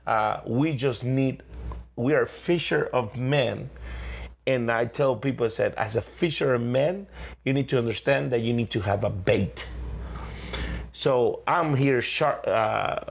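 A man's voice: medium pitch, a little slow, gravelly, slightly rough. A man who is an evangelist clown, a guest in an interview, telling stories with energy and acting out what people said, with frequent restarts. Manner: energetic, repeats and restarts, acts out quotes. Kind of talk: animated storytelling interview.

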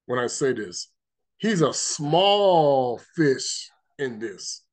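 A man's voice: mid-range voice, sing-song, very slow. A man giving an informal spiritual teaching, emphatic and rambling, repeating himself and reading scripture aloud. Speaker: religious teacher.

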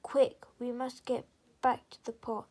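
A woman voicing a loyal male frog guardian who croaks his words, in a storybook reading. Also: a little high, level tone, measured pace, mellow. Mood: urgent.

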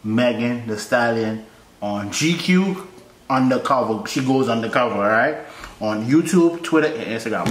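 A man hosting a reaction video in casual commentary, playful and teasing, with loud excited outbursts. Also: medium pitch, a little slow, pauses often, slight background noise. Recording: echoey room.

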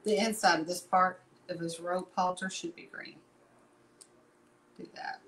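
A woman's voice: on the low side, fairly even intonation, measured pace, a bit bright, rough recording. Brief: middle-aged woman, folksy and chatty, rambling painting-class host. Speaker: painting instructor. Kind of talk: casual live painting tutorial.

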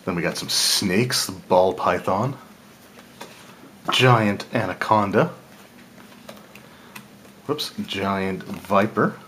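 A man's voice: low voice, a little hiss or hum. A man casually talking through an unboxing, thinking aloud and correcting himself as he goes. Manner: relaxed, thinking aloud, small laughs and self-corrections. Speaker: channel host reviewing game cards.

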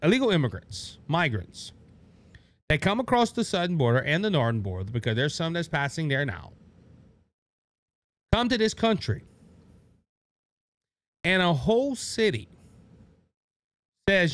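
Male talk host, slightly high voice, animated solo political monologue, mocks those he quotes. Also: a little slow, long pauses. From Louisiana.

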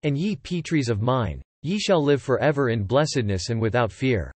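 A man's voice: medium pitch, animated, normal speed, a little mellow, breathy edge, no room sound. A man voicing a remorseful male ascetic sage in a read-aloud epic, speaking in solemn archaic phrasing. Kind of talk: scripted epic narration.

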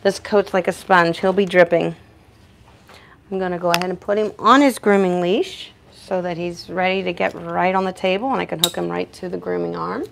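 A woman's voice: on the low side, fairly even intonation, moderate pace, gravelly, a little hiss or hum. A woman who works as a professional dog groomer, giving a chatty grooming demonstration indoors in her shop and talking both to the dog and to viewers.

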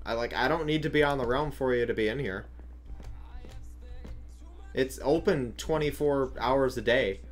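A livestreamer chatting casually while playing, reacting out loud, swearing and talking to viewers and teammates. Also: mid-range voice, faint music behind. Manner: reacting aloud, swearing, quick laughs. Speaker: livestreamer playing a block-building game. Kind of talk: casual live gameplay chat.

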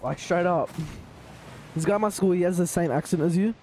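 A man with an Australian accent streaming a car-ball game live, talking to chat and trash-talking opponents in excitable banter. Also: high voice, a little fast, slight background noise. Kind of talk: live gaming commentary.

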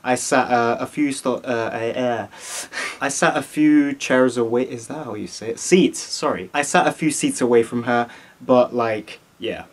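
A man's voice: medium pitch, moderate pace. A young man from Italy with a slight Italian accent, telling a story to his camera, often breaking into laughter. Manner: giggly, keeps breaking into laughter. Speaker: vlogger.

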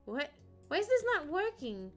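A woman's voice: sits high, very animated, normal speed, faint music behind. A woman streamer chatting playfully and rambling as she plays, often singing little ditties to herself. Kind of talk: casual gameplay chat.

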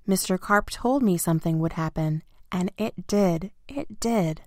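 A woman reading a children's picture book aloud with gentle, expressive storytelling. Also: fairly low pitch, measured pace, hardly any pauses, no echo, studio quality. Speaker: storybook reader.

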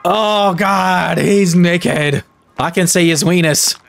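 A man commentating a let's play video, animated and often laughing and exclaiming. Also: high-pitched, slow pace, gravelly, a little hiss or hum. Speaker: gaming video host. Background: game music.

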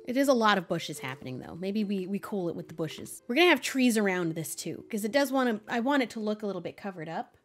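Speaking at a fast clip with hardly a pause, this young female Minecraft streamer keeps up lively, mid-range commentary on her building game. She playfully addresses the in-game animals in a casual way while faint music sits in the background.

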